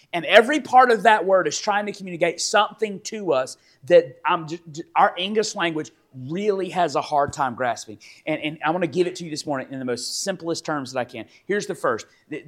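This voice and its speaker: A male pastor preaching a sermon, animated and teaching, with sudden loud emphatic rises and frequent restarts. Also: high voice. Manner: many repeated restarts and fillers. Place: church sanctuary.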